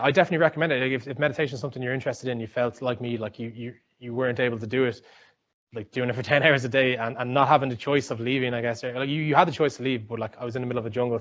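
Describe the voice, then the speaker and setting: Young Irish man, quick rambling storyteller, muffled lo-fi recording. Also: mid-range voice, fairly bright tone. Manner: rambling, chatty, many fillers and restarts. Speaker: speaker giving a talk. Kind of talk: informal talk with anecdotes. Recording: dull lo-fi sound.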